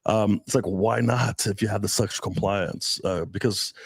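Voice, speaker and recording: A man co-hosting a casual dating chat, relaxed, thinking aloud and qualifying his points. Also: fairly low pitch, moderate pace, gravelly, slightly rough, dry recording. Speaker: dating coach co-host.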